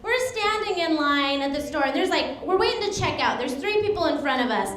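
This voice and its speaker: A woman's voice: sits high, lively intonation, fairly quick, fairly bright tone. A woman in her thirties performing a stand-up comedy set, bubbly and laughing at her own jokes as she acts out voices. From United States. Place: comedy club stage. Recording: echoey club room.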